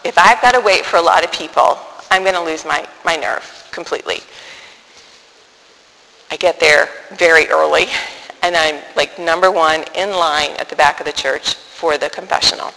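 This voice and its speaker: Bright-voiced woman telling a story. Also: deep voice, vocal fry, in a large hall, rough recording. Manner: animated, self-deprecating, halting restarts. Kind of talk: personal storytelling to an audience.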